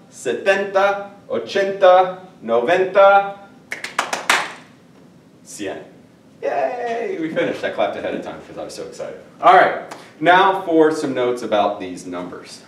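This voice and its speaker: A man's voice: medium pitch, a little hiss or hum. A man teaching a Spanish class at a whiteboard, joking between number drills. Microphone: far camera. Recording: echoey classroom from far off.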